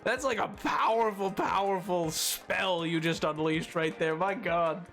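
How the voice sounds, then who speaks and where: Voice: mid-range voice, measured pace, a bit bright, faint music behind. A streamer on a live gaming stream, loopy and giddy, laughing hard through nearly every sentence.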